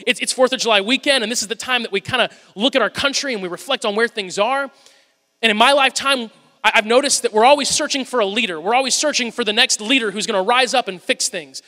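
Talking fast in a very high, pushed, bright voice, a male pastor gives his sermon. He leans on humorous stories told conversationally, and the large sanctuary surrounds everything with long reverb.

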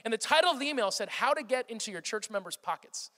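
A man's voice: very high voice, animated, fast, bright, forceful tone, big-room sound. A pastor in his thirties preaching a sermon with passion, often restarting his sentences. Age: 30s. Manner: impassioned, rambling with restarts. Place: church hall.

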